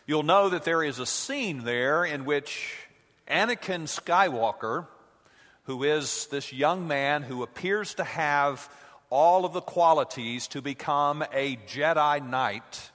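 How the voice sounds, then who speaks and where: A man preaching a sermon as pastor in a church, measured and earnest. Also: on the high side, fairly bright tone. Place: church sanctuary. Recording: echoey hall.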